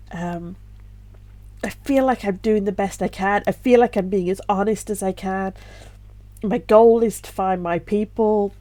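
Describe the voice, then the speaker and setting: Tearful woman, soft reflective vlog. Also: medium pitch. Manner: soft, reflective, with sighs and little laughs. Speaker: vlogger and self-published author. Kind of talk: emotional personal vlog.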